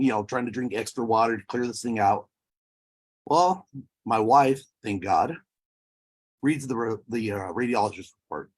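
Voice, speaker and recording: A man's voice: fairly low pitch, slightly rough. A man in his thirties or forties giving an emotional personal testimony, his voice breaking at times. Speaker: speaker sharing a personal story.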